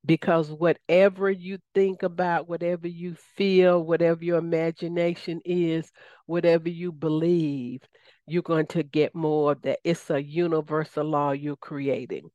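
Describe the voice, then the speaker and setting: A woman's voice: deep voice, level tone, a little slow, dark tone, no room sound, dull audio. A woman with a Southern US accent hosting a radio talk show, enthusiastic and folksy, often calling out to her listeners.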